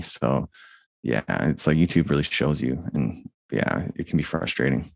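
Monotone male, very low gravelly voice, meandering filler-heavy chat. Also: normal speed, no room sound. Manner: rambling, many fillers and restarts. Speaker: jiu-jitsu YouTuber and guest. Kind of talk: casual conversation.

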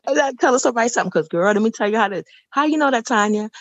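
A woman's voice: a little high, lively intonation, racing, a crowd in the background. A woman guest on a faith podcast who tells stories effusively and often repeats herself. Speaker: podcast guest, boutique founder. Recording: dull lo-fi sound.

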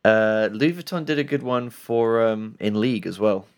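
A man's voice: fairly low pitch, moderate pace, clear, resonant tone. A man, co-hosting a casual podcast chat about video games with blunt, jokey asides. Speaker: podcast co-host.

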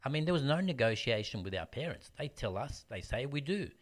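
A man's voice: mid-range voice, a little fast. A man, a martial arts teacher telling stories bluntly in casual interview chat. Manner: animated storyteller, blunt.

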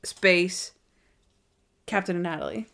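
A woman's voice: on the low side, slow pace, vocal fry, a bit bright. Giggly woman recapping a TV episode. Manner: giggly, retells scenes by acting out characters' lines. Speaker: podcast co-host. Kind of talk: casual chat recapping a TV episode.

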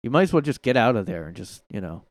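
A man's voice: mid-range voice, very animated, fast talker, no echo. Rambling sarcastic guy podcasting alone. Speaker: podcast host. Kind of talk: casual solo commentary. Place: his own room.

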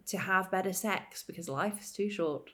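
A woman's voice: medium pitch, moderate pace, a bit bright. A woman co-hosting a podcast, earnest and encouraging in casual chat. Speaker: podcast co-host.

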